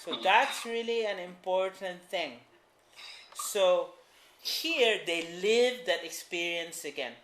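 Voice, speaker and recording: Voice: mid-range voice, slow, a bit bright, slight background noise. A writing teacher giving a patient class explanation, repeating key points. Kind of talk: classroom instruction. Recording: roomy echo.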